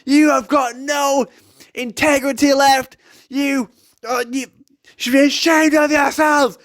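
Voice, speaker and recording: A man voicing a furious male police officer who yells and scolds indignantly. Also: very high-pitched, steady tone, slow pace, voice pushed up, heavily acted.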